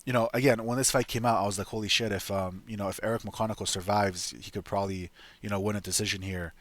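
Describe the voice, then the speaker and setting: A low-voiced man talks through his fight picks in a loose, profane, rambling way, circling back to restart his thoughts. The sound is dry and close, with no room around it. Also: steady tone, quick pace, a bit bright, no room sound. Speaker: MMA betting analyst. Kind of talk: casual solo fight predictions.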